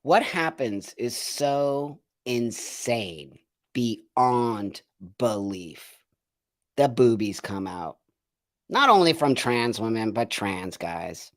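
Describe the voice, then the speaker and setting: A man hosts a live stream and speaks straight to his viewers. He is emphatic and indignant, hammering his points home by repeating phrases. His voice sits in an ordinary middle pitch for a man. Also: lively intonation, drawn-out words. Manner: indignant, ranting. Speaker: host of a live show. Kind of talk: livestream commentary, reading viewer comments.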